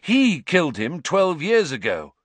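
A man's voice: on the high side, wildly swooping pitch, a little slow, no echo, pitched above the performer's own voice, heavily acted. A man voicing an angry teenage boy who speaks in an accusing way.

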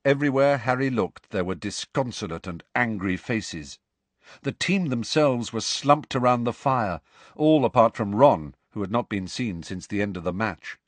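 A man narrating an audiobook with an expressive, varied reading. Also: lowish voice, normal speed, no echo.

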